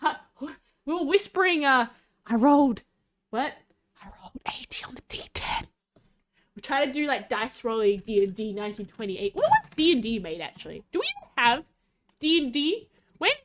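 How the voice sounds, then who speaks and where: A young woman chatting on a livestream in a high, lively voice that swings all over. She rambles, giggles and fills every pause with "like." Now and then she drops into a loud whisper. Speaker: vtuber streamer. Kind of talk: casual livestream chat.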